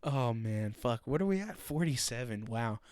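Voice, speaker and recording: A man's voice: mid-range voice, lively intonation, moderate pace, a little mellow, no room sound, studio quality. A young man hosting a solo podcast, ranting loosely and profanely with laughing asides. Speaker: podcast host.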